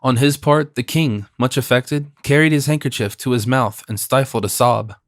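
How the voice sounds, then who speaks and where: A man's voice: medium pitch, dry recording. Man narrating a classic novel, dry studio sound. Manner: measured, expressive reading. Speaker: audiobook narrator.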